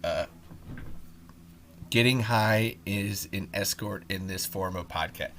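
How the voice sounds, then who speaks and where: A man's voice: sits low, slow, a bit bright, slight background noise. A man hosting a podcast alone, ranting loosely with frequent ums, restarts and swearing. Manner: rambling, profane, lots of ums and restarts. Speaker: podcast host. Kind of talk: solo podcast rant.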